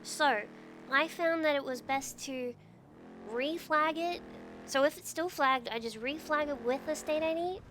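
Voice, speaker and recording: A woman chatting casually while playing, easily distracted and quick to exclaim. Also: high voice, fairly bright tone, slight background noise. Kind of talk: casual chat during game roleplay.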